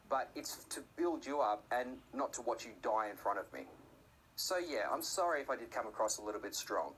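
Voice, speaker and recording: A man's voice: animated, fairly quick, fairly bright tone, slight background noise, poor audio. Man preaching in a chatty sermon. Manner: conversational, acts out voices with sudden high-pitched outbursts.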